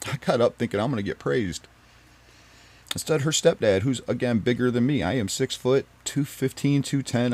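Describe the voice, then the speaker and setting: A man telling a personal story to camera in an emotional, emphatic and pleading way, swinging between loud and quiet. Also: fairly low pitch.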